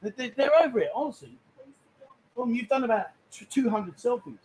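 A man's voice: extremely high pitch, fairly quick, a little hiss or hum, rough recording. A man hosting a live stream from a bar, bantering cheekily with guests. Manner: cheeky, bantering, loud asides. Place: busy bar.

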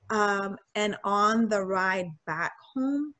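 A woman's voice: medium pitch, moderate pace. Young woman telling a candid personal story. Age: young adult. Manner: candid and animated, acting out quoted lines. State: getting choked up. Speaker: guest sharing a personal story. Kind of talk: casual storytelling.

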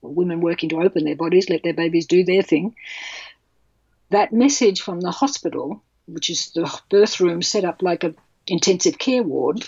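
A woman's voice: lowish voice, normal speed, a little mellow, husky, dry recording, dull audio. A woman, speaking passionately and bluntly as a childbirth educator in an interview. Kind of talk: podcast interview.

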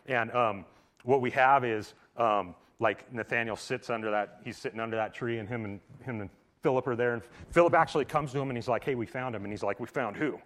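Speaking fairly quickly in a mid-range voice, this pastor preaches at a church service in an easygoing, chatty style. "Like" fills his talk, and he shifts from forceful outbursts to quiet, hushed moments.

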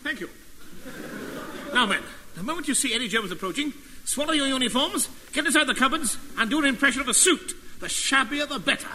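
An actor playing an excitable, bumbling British army officer in a 1950s radio comedy, manic and giggly. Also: male voice, very high-pitched, fairly quick, big-room sound, noisy background.

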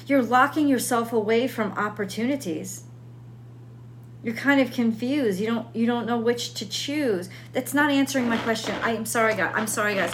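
A woman's voice: fairly high pitch, moderate pace, noisy background. A woman reading tarot cards in a casual, unscripted way, thinking aloud and often repeating her questions. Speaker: tarot reader.

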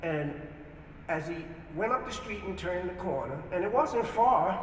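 A man shares his personal testimony with lively, animated storytelling and acts out the voices of the people in it. His voice sits high for a man. It comes from a video played in a big hall, so it sounds distant and echoey, with long reverb and a faint hum behind it. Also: a little slow.

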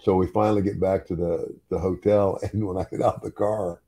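A man's voice: sits low, steady tone, brisk, warm tone, slightly rough. An older man and former wrestler telling a story in casual chat, chuckling often and repeating words as he goes.

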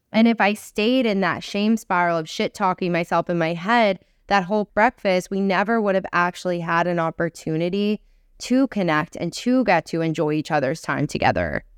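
A woman in her thirties hosting a solo self-help podcast, earnest and encouraging, slowing down to stress her points. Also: lowish voice, smooth, dry recording, studio quality. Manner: earnest, encouraging, slows down for emphasis. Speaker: podcast host.

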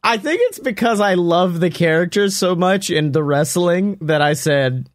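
Animated young man, dry close sound. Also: high voice, moderate pace, no room sound. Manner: animated, laughing, swears freely. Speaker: show creator and voice actor. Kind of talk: casual podcast chat.

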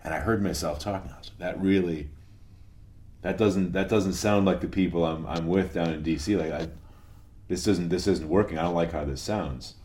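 Very low-voiced man, halting and relaxed. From New England, US. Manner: relaxed, halting, restarts phrases, many murmured agreements. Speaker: podcast guest. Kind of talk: conversational interview.

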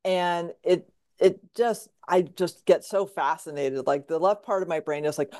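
A woman's voice: on the low side, moderate pace, mellow. A woman hosting a podcast, listening closely and sharing her own healing experiences with eager enthusiasm. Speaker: podcast host. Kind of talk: casual podcast conversation.

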